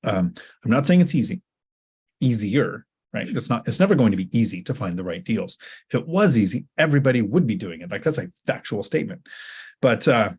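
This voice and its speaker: A low-voiced man with a slightly husky tone, hosting a relaxed question-and-answer stream. He rambles casually and often stops and restarts his sentences. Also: a little fast. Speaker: host. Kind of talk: casual livestream Q&A.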